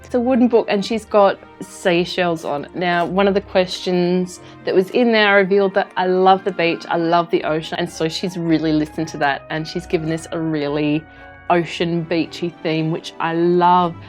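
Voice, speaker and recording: A woman's voice: fairly low pitch, fairly even intonation, normal speed, soft background music. A woman with an Australian accent, narrating her craft vlog in a gushing, effusive way as the channel's host. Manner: gushing, effusive and warm-hearted.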